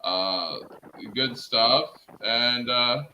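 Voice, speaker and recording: An excitable man hosts a casual stream, talking straight to his viewers. His voice is very bright and sharp at a middling pitch, with a faint hiss underneath. He gushes and rambles, dropping "freaking" into almost every line. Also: very slow, rough recording. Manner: enthusiastic, fills speech with "freaking". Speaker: host of a wrestling recap stream. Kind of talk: casual chat. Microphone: streaming setup, talking to chat.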